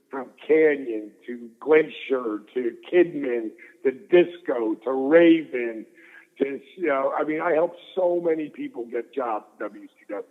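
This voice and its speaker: A middle-aged man tells a story down a tinny phone line, animated and freely profane. His voice sits at an ordinary pitch and trails into a long, hollow reverb. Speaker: guest. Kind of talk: storytelling interview.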